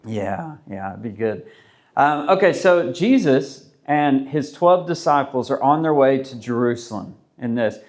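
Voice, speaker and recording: A man's voice: mid-range voice, animated, unhurried, darkish tone. A man preaching a sermon as pastor, in a conversational, rambling way with many restarts and rhetorical questions.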